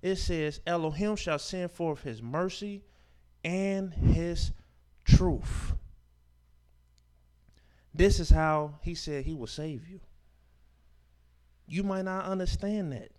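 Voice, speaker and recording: A man teaching a scripture class as a sermon, reading verses aloud and explaining them with emphatic, informal preaching that swings from loud declarations to quiet asides. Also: a little high, takes it slowly, long pauses, clear, resonant tone. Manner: informal speech with dropped verb endings and rhetorical questions.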